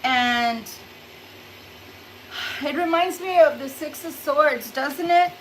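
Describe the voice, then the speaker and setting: A middle-aged woman with a high voice gives a chatty tarot reading at an unhurried pace. She laughs easily and acts out little reactions as she goes. She sits a little back from the camera at home, with a faint hiss behind her. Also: poor audio. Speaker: tarot reader. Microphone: camera a little distant.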